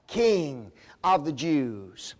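A man voicing a blunt Roman governor, asking a prisoner a question slowly and in old-fashioned wording. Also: fairly high pitch, big pitch swings, a little mellow, voice pushed down, heavily acted. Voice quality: slow, drawn-out, archaic questioning.

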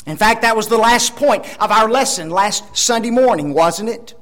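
A man's voice: high-pitched, moderate pace, fairly bright tone. A man preaching a Sunday sermon, emphatic and fond of rhetorical tag questions.

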